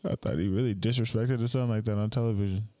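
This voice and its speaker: A man's voice: fairly low pitch, fairly even intonation, fast talker, dark tone, no room sound. A man co-hosting a casual podcast chat, joking and asking teasing questions. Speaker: podcast co-host.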